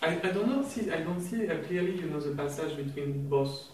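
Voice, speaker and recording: A man's voice: a little high, brisk. A man at a retreat asking a tentative question and searching for words. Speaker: retreat participant. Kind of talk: hesitant question. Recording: echoey hall from far off with hiss.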